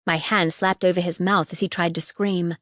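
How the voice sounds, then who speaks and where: A woman narrating a first-person fantasy audiobook in a tense, measured way. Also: on the low side, fairly even intonation, a bit bright, no room sound, clean studio sound.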